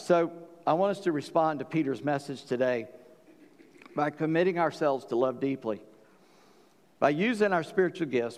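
A man preaching a sermon as pastor, folksy and joking, with bursts of animated storytelling. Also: fairly high pitch, big-room sound. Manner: folksy, joking, animated when quoting scripture.

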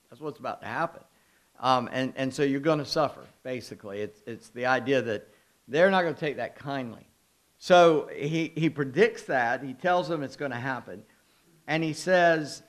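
A man's voice: mid-range voice, moderate pace. A man, a pastor giving a conversational sermon full of personal stories, self-deprecating humor and frequent asides.

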